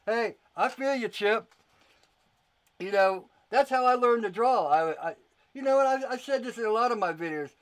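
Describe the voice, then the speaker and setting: High-voiced man chatting on a livestream. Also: normal speed. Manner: rambling, repeats words, reads and answers viewer comments. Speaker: YouTuber and knife maker hosting a livestream. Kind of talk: casual livestream chat.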